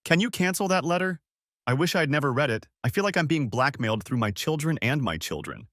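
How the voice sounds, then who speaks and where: A man playing a guarded middle-aged husband, harsh and curt, lively pitch. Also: fairly quick, no echo, studio quality. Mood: bitter.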